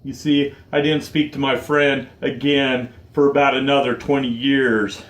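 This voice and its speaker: A man in his forties speaking in a heartfelt, confessional vlog, choked up and close to tears. He talks very slowly with halting pauses at a middling pitch. His voice rings in a noticeably echoey room. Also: little pitch movement, fairly bright tone. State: choked up, tearful. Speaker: vlogger.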